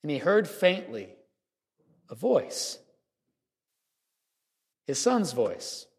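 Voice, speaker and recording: A man giving a Christmas homily as a priest, telling a story earnestly with measured pauses in a church. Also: fairly high pitch, huge pitch swings, a little mellow, husky. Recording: reverberant church hall.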